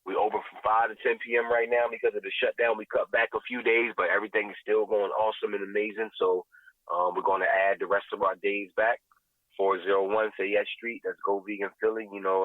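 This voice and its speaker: A man's voice: fairly low pitch, dry recording. A man delivers emphatic, preachy commentary as a podcast guest, pressing his points through repetition. His voice comes through a thin, phone-like line with a dry, close sound. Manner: preachy, emphatic, repeats "you know what I'm saying". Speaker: guest, vegan restaurant owner.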